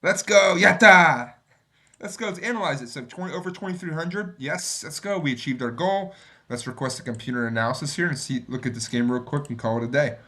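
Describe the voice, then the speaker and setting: Playing and then reviewing a chess game on stream, this man talks quickly in a mid-range voice. He mutters to himself and thinks aloud, now and then poking fun at his blunders and growing excited.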